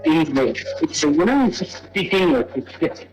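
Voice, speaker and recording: A man co-hosting a casual podcast, talking haltingly with many pauses and filler words. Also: on the high side, very animated, poor audio. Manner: halting, full of fillers and restarts. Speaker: podcast co-host. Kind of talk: casual conversation.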